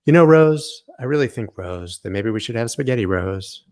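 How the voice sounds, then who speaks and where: A man's voice: mid-range voice, animated, moderate pace, a little mellow, close to an everyday voice. A man mocking an overly earnest male movie romantic lead, saying his partner's name in every sentence. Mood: mocking sappy.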